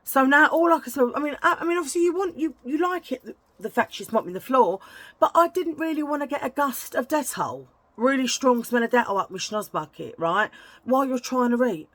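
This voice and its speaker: Woman vlogger, gossipy and outraged, a bit high-pitched. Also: expressive, a little fast, a bit bright, no room sound. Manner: chatty, indignant, tag questions. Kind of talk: casual storytime chat.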